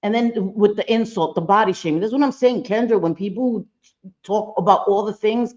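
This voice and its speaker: A woman's voice: medium pitch, moderate pace, a little mellow, muffled recording. Blunt, swearing woman host. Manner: blunt, profane, emphatic repetition. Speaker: reaction channel host. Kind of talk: casual commentary on a played clip.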